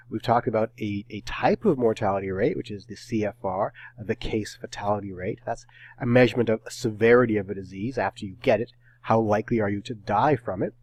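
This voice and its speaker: Middle-aged guy prof recording his lecture, brisk and a bit terse, wry, dead dry sound. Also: mid-range voice, a little mellow, dry recording, rough recording. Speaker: professor.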